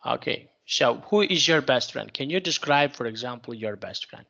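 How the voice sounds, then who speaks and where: A male teacher runs an online English lesson in a bright, gravelly voice, patiently restating every question until the student can answer. The sound is dull and lo-fi, like a call recording. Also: mid-range voice, lively intonation, moderate pace. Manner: patient, repeats and rephrases questions.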